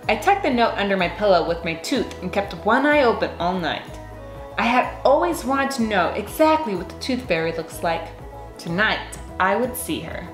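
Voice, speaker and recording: A woman reading a children's picture book aloud in an expressive, sing-song way. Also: mid-range voice, moderate pace, echoey room, soft background music. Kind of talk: read-aloud storytelling.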